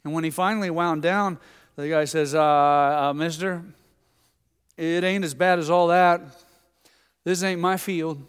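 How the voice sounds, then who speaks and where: A man's voice: fairly high pitch, steady tone, a little slow, long pauses, clean tone. A man preaching a sermon, telling folksy stories and acting out the people he quotes. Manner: folksy, anecdotal, acts out quoted voices. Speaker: pastor. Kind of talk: sermon with storytelling. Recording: long hall reverb.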